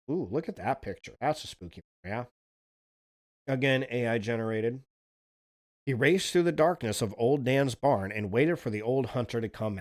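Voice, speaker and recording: A man hosting a livestream, telling spooky folk legends in a relaxed, chatty way and swearing casually. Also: medium pitch. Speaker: streamer, host.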